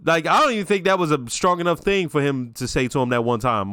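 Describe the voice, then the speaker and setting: Man reviewer, slangy casual commentary, a bit higher voice, dry close sound. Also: fast, few pauses, no echo. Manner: casual slangy talk, reflective and animated. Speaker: show reaction reviewer.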